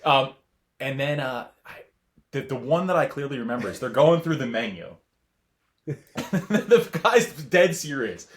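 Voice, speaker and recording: A man's voice: mid-range voice, animated, measured pace, slight background noise. A man in his thirties co-hosting a podcast, telling rambling stories in casual chat and laughing often. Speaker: podcast co-host.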